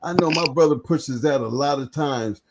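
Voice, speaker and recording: A man's voice: on the high side, normal speed, background noise. A man hosting a casual chat, responding to his guest with easygoing encouragement.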